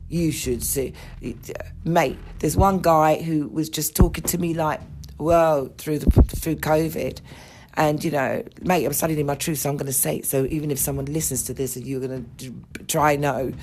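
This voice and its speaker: A woman's voice: low voice, a little mellow, a little hiss or hum. A woman hosting her own podcast, ranting bluntly and indignantly with plenty of swearing. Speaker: podcast host. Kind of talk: ranting monologue.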